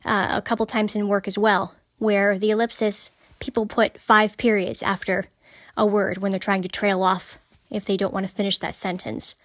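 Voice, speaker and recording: A woman hosts a podcast about writing, teaching grammar in an informal, emphatic monologue and repeating key points. Her voice is medium-pitched and level at a normal speed, and the studio recording is clean and dry.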